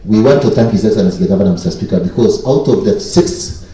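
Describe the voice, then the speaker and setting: A man from Kenya delivers a formal committee report in a county assembly, working "Mister Speaker" into nearly every phrase. His voice is low and dark. He sits back from the microphone in a very echoey chamber. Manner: repeats 'Mister Speaker' constantly, formal and deliberate. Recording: echoey chamber, distant mic.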